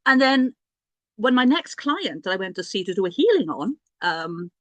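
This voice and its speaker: Middle-aged female healer, mid-pitched, casual rambling storyteller, dry sound. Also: very animated, normal speed, no room sound. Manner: chatty, self-mocking, many restarts and asides. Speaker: priestess and healer.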